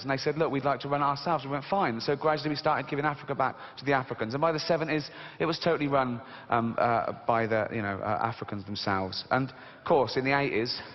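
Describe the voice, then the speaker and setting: A man with an English accent doing a stand-up comedy routine on stage, lively and mocking, swearing freely. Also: mid-range voice. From Britain. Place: large theater on stage. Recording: dull live hall recording with reverb.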